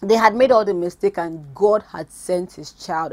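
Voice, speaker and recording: A woman preaching an informal devotional talk, animated and swinging between loud exclamations and quiet asides, recorded on a phone. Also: lowish voice, normal speed, no echo.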